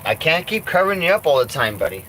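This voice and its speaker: A man's voice: a little high, big pitch swings, fast, sharp tone, slight background noise, low-quality recording. A man live-streaming from inside an RV, rambling in casual chat, swearing a lot and repeating himself.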